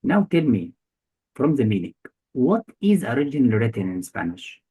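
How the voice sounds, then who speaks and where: A man's voice: mid-range voice, very animated, normal speed, warm tone, slightly rough, poor audio. A male tutor giving a one-on-one grammar lesson, quizzing his student with short repeated questions. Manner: quizzing, repetitive questions, non-native phrasing. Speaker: English test tutor.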